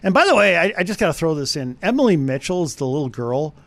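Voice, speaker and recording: Male radio film reviewer, animated and chatty, slightly high voice that swings a lot. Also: fast talker. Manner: animated, talks straight to listeners. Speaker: movie reviewer, radio co-host. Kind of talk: conversational radio movie review.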